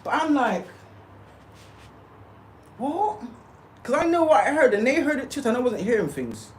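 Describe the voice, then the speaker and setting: A woman's voice: fairly high pitch, big pitch swings, fast talker, a little hiss or hum, low-quality recording. A woman talking straight to her livestream viewers, emphatic and insistent, often checking in with "okay?" and "yeah?". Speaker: spiritual livestreamer. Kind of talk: casual livestream monologue.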